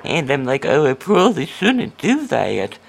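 Slow-talking deadpan man. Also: a little high, vocal fry, breathy edge. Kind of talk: comedy sketch storytelling.

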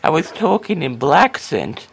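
A man telling a story in a comedy sketch, in a deadpan, unhurried way. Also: on the high side, gravelly, slight background noise.

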